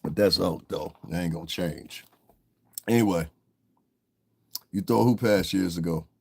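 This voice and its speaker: A man's voice: sits low, unhurried, vocal fry, a little mellow, husky. A man hosting a casual livestream, laid-back and chuckling as he talks to his chat. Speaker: livestream host.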